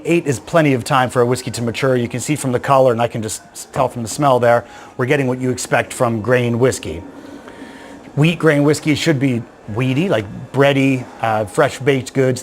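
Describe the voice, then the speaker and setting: A man's voice: mid-range voice, a little hiss or hum. A man with a Canadian accent giving a casual, joking whiskey-blending demonstration to camera. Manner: chatty and joking, with a dry, self-deprecating humor.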